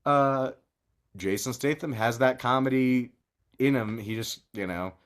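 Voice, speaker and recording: A man's voice: medium pitch, a little slow. A man co-hosting a podcast, rambling and swearing a lot as he gushes over a film he loves. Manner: profane, gushing, rambling. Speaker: podcast co-host. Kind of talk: casual movie review chat.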